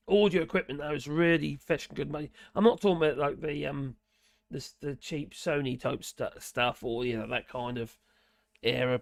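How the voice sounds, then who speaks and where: A middle-aged man with a Norfolk accent chats on a live stream in a raspy, gravelly voice that sits fairly high for a man. He rambles and mutters his asides. The sound is close and dry, with no room around it. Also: no room sound. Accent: Norfolk English. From Norfolk, England. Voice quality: hoarse, gravelly. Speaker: livestream host reading chat. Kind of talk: casual live-stream chat.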